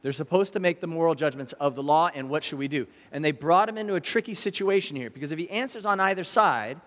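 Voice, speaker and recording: High-voiced preacher in an echoing hall. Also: male voice. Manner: conversational, animated, asks the audience questions. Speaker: pastor. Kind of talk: sermon. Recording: long reverb of a large hall.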